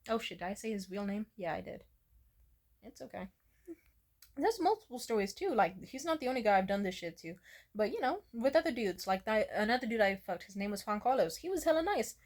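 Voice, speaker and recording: A woman's voice: medium pitch, very animated, fairly quick, a little mellow. Candid, rambling young woman vlogger. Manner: candid, rambling, profane, full of "like". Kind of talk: casual confessional storytelling.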